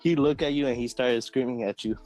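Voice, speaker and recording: A male co-host chatting casually and excitedly on a podcast. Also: mid-range voice, brisk, faint music behind, low-quality recording. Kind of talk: casual chat.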